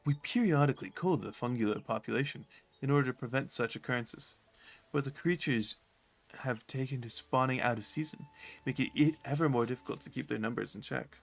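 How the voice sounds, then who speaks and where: Brief: streamer voicing a grave guard officer issuing orders, faint music behind. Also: male voice, medium pitch, vocal fry. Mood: stern. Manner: slow, measured, formal reading.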